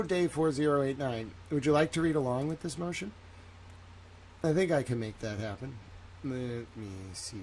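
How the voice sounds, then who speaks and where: A man's voice: mid-range voice, darkish tone, a little hiss or hum. A man with a Southern US accent hosting a casual livestream, chatting sarcastically and greeting viewers by name. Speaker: livestream host.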